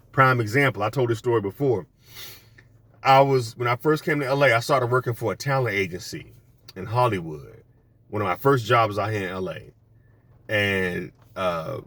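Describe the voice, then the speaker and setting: A man's voice: mid-range voice, a bit bright, no echo. A man telling stories in a casual monologue, blunt and profane, rambling with many restarts.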